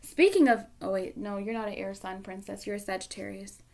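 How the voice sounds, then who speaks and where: Woman tarot reader, casual and emotional, gravelly mid-pitched voice that sinks to a whisper. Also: brisk. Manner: emotional, candid, swings from loud to whispery. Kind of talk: casual tarot reading to camera.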